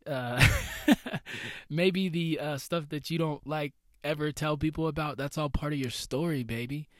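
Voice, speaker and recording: Male podcast host in his thirties, laid-back slangy motivator, higher voice, dry booth. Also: a little slow, no echo. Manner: casual slangy, calls listeners baby.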